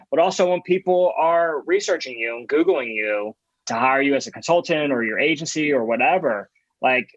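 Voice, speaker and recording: A man's voice: fairly high pitch, a bit bright, dry recording, muffled recording. A man talking as a podcast guest in a casual interview, emphatic and openly contrarian in his views. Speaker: podcast guest, design firm founder.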